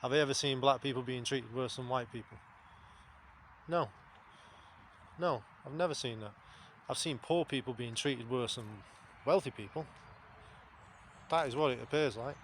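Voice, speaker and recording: A man's voice: medium pitch, moderate pace, pauses often, a bit bright, slight background noise. A man, talking to camera in a blunt, rambling, sweary monologue. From England. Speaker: vlogger. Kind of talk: casual spoken monologue.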